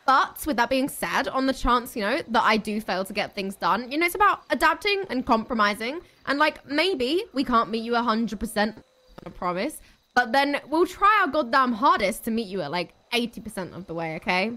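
A woman's voice: fairly high pitch, expressive, normal speed, bright, forceful tone. A woman playing an earnest candidate in a game role-play, speaking practically and filling her lines with "you know" and "like".

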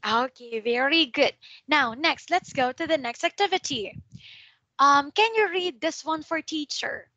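A woman teaches English over a video call with a high, bright voice. She speaks slowly, patiently repeating words for the student to copy. The sound is close and dry. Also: expressive, no room sound. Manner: patient, drills pronunciation with slow repetitions. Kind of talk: online one-to-one tutoring.

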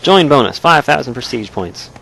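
A man's voice: medium pitch, expressive, moderate pace, gravelly, fairly bright tone. A man hosting a let's play, giving casual gameplay commentary in a joking, explanatory way with frequent chuckles.

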